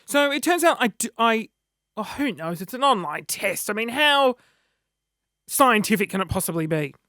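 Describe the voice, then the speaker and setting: High-voiced man, chatty vlog. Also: big pitch swings, normal speed, sharp tone, no room sound, studio quality. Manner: chatty, self-mocking, dramatic. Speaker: vlogger. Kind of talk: casual chat to camera.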